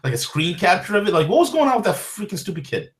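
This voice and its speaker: A man's voice: high-pitched, sing-song, fast talker, fairly bright tone. A man in casual political talk-show chat, crude and mocking, often laughing.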